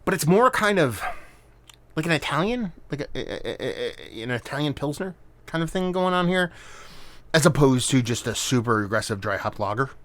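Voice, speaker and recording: A man talking through a beer review in a loose, casual way. He rambles, circles back, and leans heavily on fillers like "kind of" and "like." His pitch sits right in the ordinary middle for a man. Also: sing-song, normal speed, a bit bright. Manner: rambling, hedging with lots of fillers.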